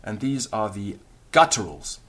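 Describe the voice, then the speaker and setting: A man's voice: lowish voice, very animated, a little slow, fairly bright tone. A man teaching a recorded beginner language lesson, explaining patiently and demonstrating the sounds aloud.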